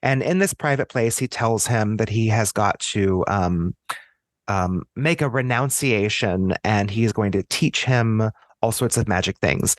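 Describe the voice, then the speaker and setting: A man's voice: fairly low pitch, unhurried, no echo, clean studio sound. An American man speaking as a podcast guest in a casual discussion. He thinks aloud, chats freely and often restarts his sentences.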